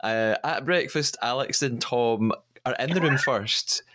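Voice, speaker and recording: A man's voice: medium pitch, measured pace, sharp tone. A man hosting a podcast, casually retelling scenes with the odd stammered restart. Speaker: podcast host. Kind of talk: casual recap chat.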